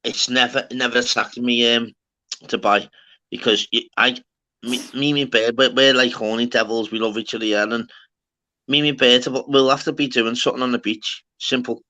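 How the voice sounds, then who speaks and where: A man's voice: medium pitch, steady tone, normal speed, pushed and bright. A man hosting a casual livestream chat, brash and sweary, calling everyone "lad". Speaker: livestream host.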